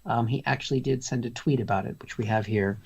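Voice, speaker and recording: Gravelly, husky comedy co-host man. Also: medium pitch, fast talker, darkish tone. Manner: wry, rambling asides. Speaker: co-host of comedy news show. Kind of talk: casual comedic chat.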